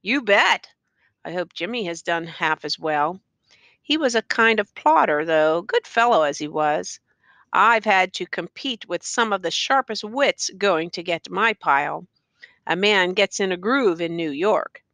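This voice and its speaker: A woman's voice: on the low side, animated, measured pace, pushed and bright, no echo, exaggerated voice. A woman voicing a boastful man from the West, waiting for an old friend, hearty and bragging.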